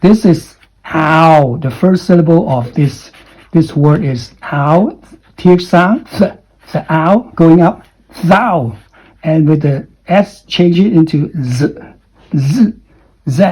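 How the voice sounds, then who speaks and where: A man teaching English pronunciation at a slow, unhurried pace. His voice is mellow and a little husky. He drills letters and sounds again and again, pushing his pitch up and down to show stress. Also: expressive, low-quality recording. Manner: drills sounds by repeating them, with exaggerated rising and falling pitch; frequent "okay?" and "you know" check-ins. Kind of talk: pronunciation lesson.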